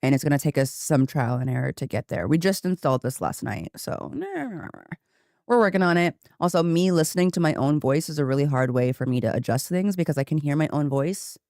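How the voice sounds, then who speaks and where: A woman game streamer chatting casually and rambling on a desk microphone, laughing often, her voice jumping higher when she gets excited. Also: fast talker, few pauses, no room sound, clean studio sound. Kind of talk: casual live-stream chat. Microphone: desk microphone with headphones.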